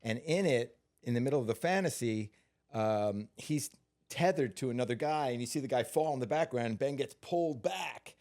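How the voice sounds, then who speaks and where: Speaking in a mid-range voice, this stuntman guest takes his time telling stories during a laid-back interview, often restarting sentences and using fillers.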